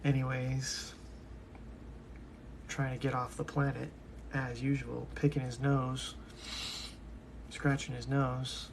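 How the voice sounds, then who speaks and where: A man's voice: medium pitch, little pitch movement, slow, vocal fry, long pauses, background noise. A young man rambling to himself in a casual monologue, drifting from one topic to the next. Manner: musing, talks to himself, drifts between topics.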